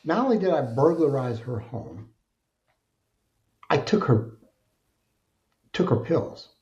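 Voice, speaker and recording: Earnest middle-aged man, dark muffled voice. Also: mid-range voice, slow pace. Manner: earnest, colloquial, animated storyteller. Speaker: podcast guest. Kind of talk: candid personal storytelling. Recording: dull lo-fi sound.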